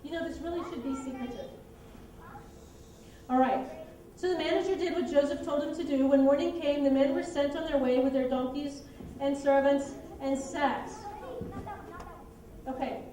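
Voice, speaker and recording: Brisk woman leading kids' skit, echoey room. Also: high-pitched. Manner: lively, brisk, herding children. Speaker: children's ministry teacher. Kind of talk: directing a Bible story skit with kids. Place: church room with children. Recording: echoey room, distant mic.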